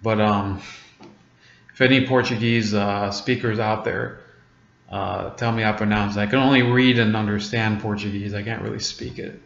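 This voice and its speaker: A man's voice: fairly low pitch, steady tone, moderate pace, gravelly, a bit bright, a little hiss or hum. Guy rambling through news clips, lots of ums, dull echoey recording. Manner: rambling, many fillers and restarts. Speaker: commentary host. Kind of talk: casual commentary on news clips. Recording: echoey room, dull lo-fi sound.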